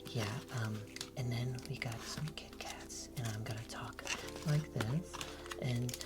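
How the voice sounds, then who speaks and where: A man voicing a mock young influencer in a whispered role-play, with a breathy whisper. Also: mid-range voice, unhurried, lightly acted. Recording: loud music behind.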